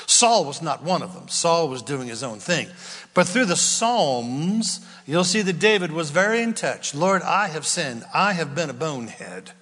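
A man preaching a sermon, swinging from loud outbursts down to near whispers. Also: fairly high pitch. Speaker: pastor. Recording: long hall reverb.

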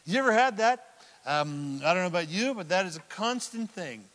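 A pastor preaching in a conversational, playful way that rises to emphatic bursts. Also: male voice, high-pitched, animated, moderate pace, fairly bright tone, long reverb tail. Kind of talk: sermon.

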